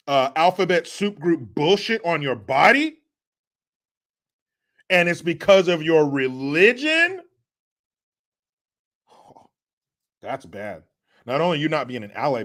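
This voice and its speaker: A middle-aged man hosting a casual political commentary stream, reading viewer comments with sarcastic, mocking asides that swing from loud to muttered. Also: a little high.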